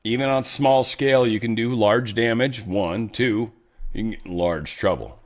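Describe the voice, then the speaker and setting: A man's voice: mid-range voice, moderate pace. A man hosting an online commentary show, rambling and joking as he reacts to news clips, trailing off and laughing at himself. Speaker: show host.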